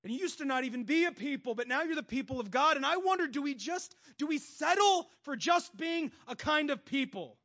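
High-voiced impassioned preacher man, dull sound. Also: lively intonation, fairly quick, hardly any pauses. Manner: impassioned, swings between loud bursts and hushed stretches; acts out God's voice and inner voices in quotes. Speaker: pastor. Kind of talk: sermon.

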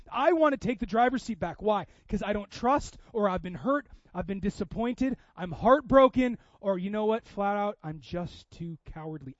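A Seattle pastor with a notably high voice delivers a sermon in a chatty, personal style, often restarting and shifting between loud emphasis and quiet asides. The recording is dry and somewhat dull, lo-fi in character, with no room sound.

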